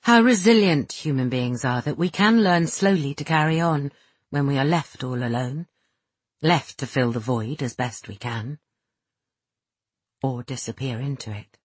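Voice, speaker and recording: A woman narrating an audiobook in a slow, soft, measured reading with a husky voice. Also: a bass voice, no echo. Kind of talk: scripted narration.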